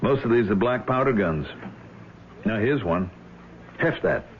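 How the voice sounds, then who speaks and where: A brooding, haunted radio-drama hero. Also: male voice, on the low side, expressive, measured pace. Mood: guarded. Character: brooding middle-aged man haunted by a lost memory. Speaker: lead character. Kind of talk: 1970s radio drama acting. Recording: dull old radio recording with hiss.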